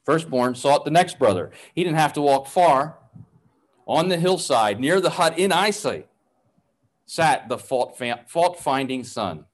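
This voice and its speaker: A man narrating a parable in a measured, expressive storytelling manner. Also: on the high side.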